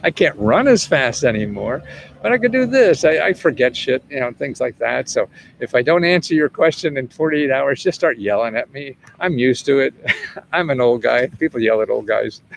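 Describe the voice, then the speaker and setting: Speaking at a moderate pace with lively intonation, a man in his 70s answers viewers' questions about government money in a relaxed livestream. His mid-range voice carries vocal fry, and there's slight background noise. He rambles, chuckles frequently and swears freely.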